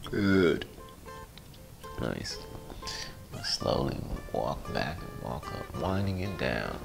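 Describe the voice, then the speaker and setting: A man guiding a yoga class, relaxed and playful, sighing and joking between cues. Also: extremely low pitch, drawn-out words, creaky. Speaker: yoga instructor. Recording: music playing behind voice.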